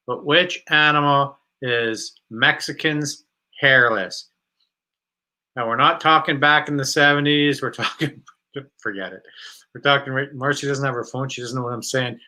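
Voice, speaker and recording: A man's voice: mid-range voice, bright, forceful tone. A man co-hosting a casual live chat, easygoing and teasing, reading viewer comments aloud. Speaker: co-host of a camping channel live stream.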